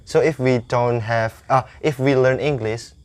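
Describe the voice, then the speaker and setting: A man's voice: mid-range voice, steady tone, unhurried, darkish tone, dry recording. A young Indonesian man with an Indonesian accent, a university English student, chatting casually and searching for words. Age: young adult.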